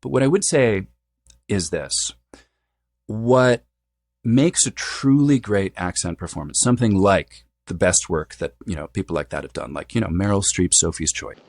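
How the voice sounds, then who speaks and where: A man, a dialect coach, answering interview questions in a relaxed, explanatory way with many fillers. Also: deep voice, normal speed, no echo. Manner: thoughtful, explanatory, with frequent fillers.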